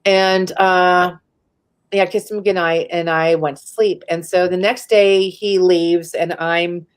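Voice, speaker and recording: A woman's voice: on the low side, fairly even intonation, takes it slowly, clean tone. A woman from the San Francisco Bay Area, a guest in a live interview, tells a personal story in a casual, candid way. She often says "like" and swears freely.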